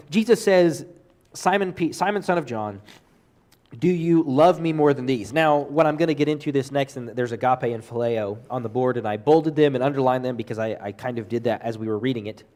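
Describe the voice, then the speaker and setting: A man's voice: medium pitch, a little mellow. Hesitant man teaching a Bible class. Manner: hesitant, many restarts and fillers, earnest. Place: church classroom.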